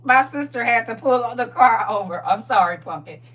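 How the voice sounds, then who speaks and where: Lady on a livestream, high bright voice, laughing and teasing, a bit far off the mic. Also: normal speed. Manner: animated, laughing, playful teasing. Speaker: livestream host. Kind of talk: casual preachy comic monologue.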